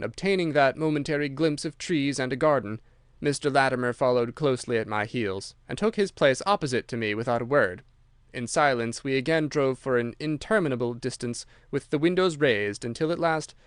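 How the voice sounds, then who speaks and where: A man narrating a short story as an audiobook in a steady, measured way. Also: medium pitch, smooth, no echo, studio quality. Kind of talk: scripted narration.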